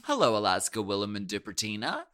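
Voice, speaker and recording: A man's voice: fairly low pitch, huge pitch swings, quick pace, bright, forceful tone. A man co-hosting a podcast in playful, giggly, joking chat. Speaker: podcast co-host. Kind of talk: casual comedic chat.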